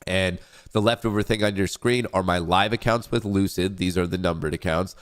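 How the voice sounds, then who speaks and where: A man's voice: sits low, steady tone, a little fast. A young man hosting a casual trading livestream, congested and stuffy-nosed, rambling and joking about himself between updates. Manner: rambling, joking, self-hyping. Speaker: livestream trading show host.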